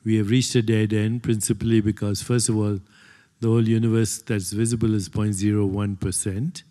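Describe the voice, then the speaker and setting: A man's voice: on the low side, flat delivery, fairly quick, warm tone. An older man giving a conversational talk to an audience, lecturing with many fillers and asides. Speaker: speaker. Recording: long hall reverb.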